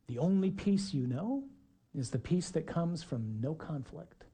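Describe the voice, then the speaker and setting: Husky-voiced man preaching a sermon. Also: fairly high pitch, lively intonation, measured pace. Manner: dramatic, acts out shouted dialogue.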